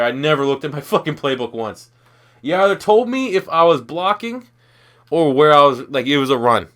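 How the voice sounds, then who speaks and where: A man's voice: mid-range voice, a bit bright. A young man from Canada giving loose, profane, rambling commentary over his own football video game. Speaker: gaming YouTuber. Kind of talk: casual gameplay commentary.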